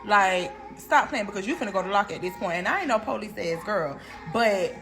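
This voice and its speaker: A young woman telling a prison story in a storytime vlog, animated and slangy, laughing as she goes. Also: medium pitch, a little fast, few pauses, soft background music.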